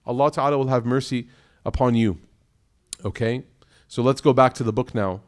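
A man's voice: mid-range voice, moderate pace. A man giving an Islamic talk to an audience of families, telling stories animatedly and speaking directly to the crowd. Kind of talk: storytelling lecture to an audience of families.

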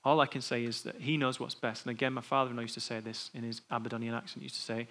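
A man's voice: medium pitch, level tone, very fast, fairly bright tone. A man preaching an informal sermon in a church, talking in a conversational way and thinking aloud before opening the floor for discussion.

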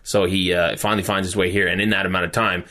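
A man's voice: low-pitched, fast talker. A man, co-hosting a podcast, telling stories in casual chat and acting out what others said. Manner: animated, acts out quotes with laughter. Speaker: podcast co-host. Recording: noisy room.

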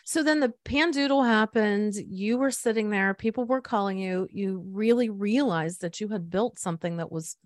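A woman's voice: mid-range voice, normal speed, few pauses, dry recording. Chatty woman podcast host, dry sound. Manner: chatty, warm storytelling with frequent fillers. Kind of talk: conversational interview.

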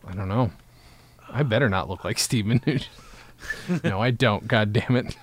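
A man's voice: on the low side, unhurried. A man co-hosting a comedy podcast, chatting casually in a rambling, self-mocking way. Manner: rambling, self-mocking, playful put-on voices. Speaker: podcast co-host.

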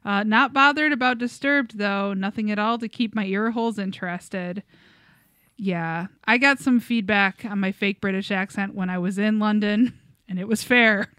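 A woman's voice: mid-range voice, normal speed, a bit bright, smooth, dry recording, clean studio sound. A woman co-hosting a casual comedy podcast who laughs often while reading comments and telling stories. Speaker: podcast co-host.

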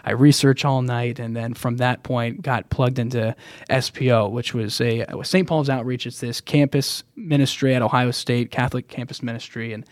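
A man's voice: mid-range voice, steady tone, normal speed, no echo. Earnest young man, dry sound. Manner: earnest, rambling with restarts. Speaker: podcast guest. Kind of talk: personal faith story, casual.

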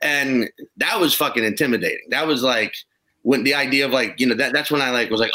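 A comedian from New Orleans telling rambling, profane stories in a casual chat. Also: male voice, mid-range voice, a little fast, bright, forceful tone, low-quality recording. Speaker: comedian guest.

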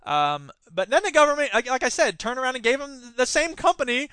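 A sarcastic, animated man hosting a solo news podcast, who argues with himself. His voice is high and bright. The sound is dry and close. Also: a little fast, clear, resonant tone, dry recording. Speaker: podcast host.

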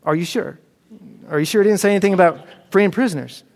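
A man's voice: fairly high pitch, moderate pace, creaky. A man voicing an imprisoned prophet, pressing questions. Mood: eager, insistent. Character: John the Baptist, imprisoned prophet, eager and probing. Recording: echoey hall.

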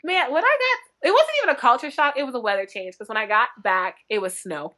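A woman book blogger chatting as a podcast guest, telling lively stories with frequent laughter and acted-out quotes. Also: a little high, a little fast. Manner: animated, laughing often, acts out quotes. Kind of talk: chatty podcast interview storytelling.

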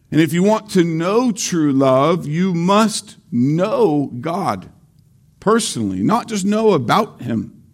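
A man preaching a sermon slowly and deliberately, repeating key phrases for emphasis. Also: high voice. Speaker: pastor.

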